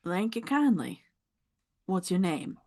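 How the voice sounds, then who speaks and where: A woman voicing a towering, gentle male demon musician, speaking slowly and softly. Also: mid-range voice, very animated. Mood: kindly.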